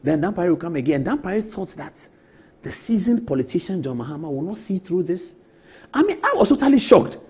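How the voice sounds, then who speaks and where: Animated Ghanaian man hosting. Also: sits high, brisk, breathy edge. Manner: animated, theatrical, acts out quotes. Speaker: TV talk show host. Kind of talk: opinionated political commentary. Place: TV studio.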